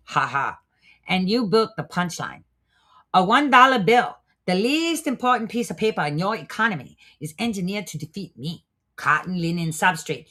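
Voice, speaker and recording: A smug male foreign spy lectures his listeners with gloating scorn, as a woman puts on his voice. He pitches his words higher than her usual low voice. The tone stays mocking and superior throughout the reading. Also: fairly bright tone. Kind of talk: dramatic reading in character.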